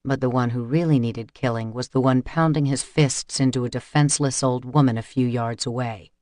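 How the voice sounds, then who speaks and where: Male audiobook narrator, steady measured reading, mid pitch, dry close studio sound. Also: no echo. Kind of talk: scripted narration.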